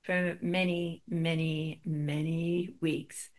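A woman's voice: low voice, flat delivery, very slow, darkish tone. A middle-aged woman giving a spiritual talk, telling a personal story with wry, self-deprecating humor.

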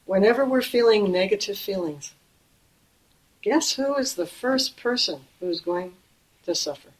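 A woman teaching Buddhist practice in an easy, conversational sermon. Her voice sits at a middle pitch. She eases off and goes quiet and slow whenever a point matters. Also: poor audio. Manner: gentle and conversational, slowing and softening on key phrases. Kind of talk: dharma talk.

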